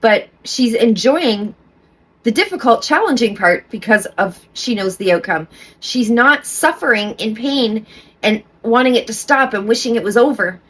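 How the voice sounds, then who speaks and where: A woman's voice: fairly high pitch, expressive, moderate pace, a bit bright, husky. A middle-aged woman talking casually to camera as a vlogger, rambling with restarts and often checking in with "okay?".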